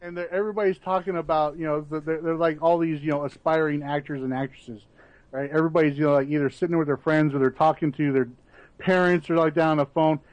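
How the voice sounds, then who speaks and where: A man co-hosts a casual gaming podcast, ribbing his partner and spinning quick jokey stories. His voice sits fairly high for a man, and he keeps an easy, bantering manner. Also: steady tone, darkish tone, low-quality recording. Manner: teasing, jokey storyteller. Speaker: podcast co-host.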